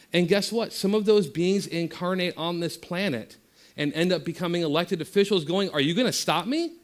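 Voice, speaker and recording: A man giving a spiritual talk as guest speaker, earnest and conversational, casually blunt at times. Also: a little high.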